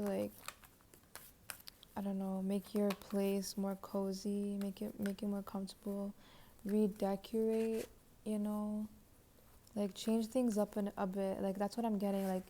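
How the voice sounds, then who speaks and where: A young woman giving a casual tarot reading, chatty and rambling, full of likes and you-knows, sometimes dropping to a soft near-whisper. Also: mid-range voice, flat delivery, unhurried, a little hiss or hum. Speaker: tarot reader.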